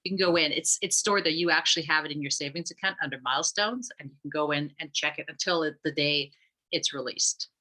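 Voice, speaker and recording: Fast and low, a woman talks in a sharp tone over a rough recording. She explains an app she founded in a loose, rambling way, full of fillers and restarts, as a conversational explanation.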